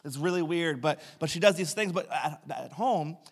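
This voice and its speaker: A pastor telling funny family stories in a sermon, recorded in a church sanctuary. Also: male voice, fairly high pitch, normal speed, vocal fry, breathy edge. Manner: humorous anecdotal storytelling.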